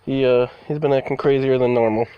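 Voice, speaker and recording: A man's voice: medium pitch, steady tone, a little fast, clear, resonant tone, lo-fi sound. Man rambling to his cats on a vlog. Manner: rambling, talks to his cats, mild swearing. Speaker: vlogger. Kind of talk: casual vlog update. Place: indoors near a door, partly outside.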